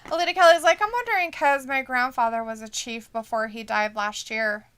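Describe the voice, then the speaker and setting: A woman's voice: fairly high pitch, a little fast, a bit bright, clear, resonant tone. A woman co-hosting a casual live watch-along stream, reading viewer comments aloud, laughing often and swearing casually. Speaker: stream co-host.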